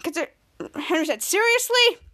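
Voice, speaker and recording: A woman hosting a podcast, recapping a sitcom scene by scene in a casual, halting way with many restarts. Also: sits high, a bit bright. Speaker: podcast host.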